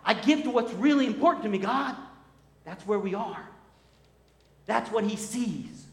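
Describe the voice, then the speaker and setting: A high-voiced man preaches with lively energy, slipping into the voices of the people he quotes. His words ring out through a roomy church hall with a long reverb trailing behind. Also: a little slow. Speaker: pastor. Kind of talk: sermon. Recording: echoey hall.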